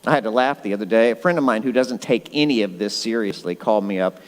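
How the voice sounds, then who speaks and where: A man's voice: on the low side, quick pace. A man preaching a sermon as pastor, emphatic and conversational with a joking streak. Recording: long hall reverb.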